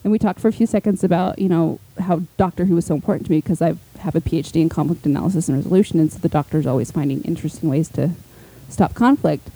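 Woman podcast co-host; chatty, excitable storyteller, warm tone, dry mic. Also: deep voice, fast talker, few pauses, breathy edge, no room sound, poor audio. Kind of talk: casual chat.

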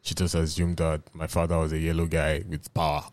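A man's voice: rumbling low, completely flat delivery, fairly quick, no room sound. A man with a Nigerian accent, hosting a podcast and telling a story in a casual, laughing way. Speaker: podcast host.

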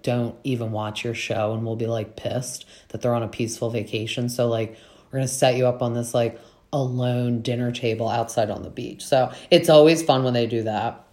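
A young woman with a notably deep voice for a woman, talking casually through a reality TV recap. She fills her talk with "like" and slips into quick impressions of what others said. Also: mellow. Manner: chatty, fillers, acts out quotes from the cast. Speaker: podcast host recapping reality TV.

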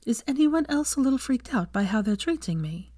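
A woman's voice: fairly low pitch, very animated, unhurried, a little mellow, husky, dry recording, studio quality, full character voice. Woman reading as a bookish, teasing young woman. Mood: puzzled. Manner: wondering, teasing.

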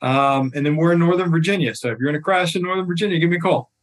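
A man's voice: fairly high pitch, rapid-fire. A man speaking as a podcast guest, talking casually with frequent restarts and fillers. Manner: hesitant, many restarts.

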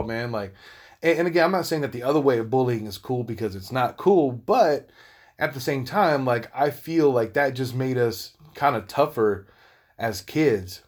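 Laid-back rambling man. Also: mid-range voice. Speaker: vlogger. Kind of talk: casual monologue.

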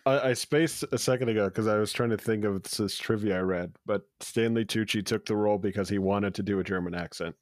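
A man's voice: lowish voice, brisk, few pauses, dry recording, clean studio sound. A man co-hosting a podcast, chatting casually about a movie with crude jokes and frequent laughter. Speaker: podcast co-host. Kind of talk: casual movie-review chat.

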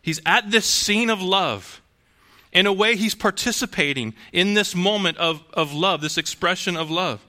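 Bright-voiced man preaching conversationally. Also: high voice, normal speed. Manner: conversational preaching with rhetorical questions and restarts. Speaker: pastor. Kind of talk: sermon.

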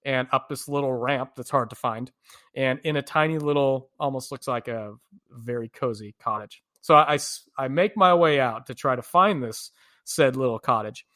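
A man's voice: mid-range voice, normal speed, pushed and bright. A man, a podcast co-host from the United States, animatedly telling travel stories in a casual chat, laughing often.

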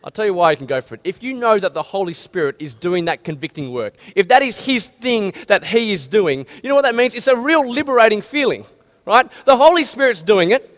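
A man's voice: high voice, very animated, brisk, a bit bright. A man, preaching an earnest, direct sermon. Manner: earnest, direct, rallying exhortations. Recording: long hall reverb.

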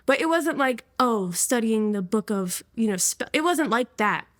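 A woman's voice: on the high side, expressive, moderate pace, fairly bright tone, no room sound, studio quality. A woman in her twenties telling her personal testimony to an interviewer in a casual, slangy way, often breaking into laughter. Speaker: interview guest.

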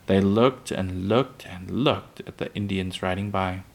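A man reading a children's book aloud, unhurried, with small slips that he corrects. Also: low voice.

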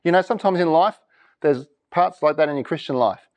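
A man's voice: a little high, brisk. A man preaching a sermon, reading verses and quizzing the congregation for reactions. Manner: lively, asks congregation for reactions. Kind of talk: interactive sermon. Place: church.

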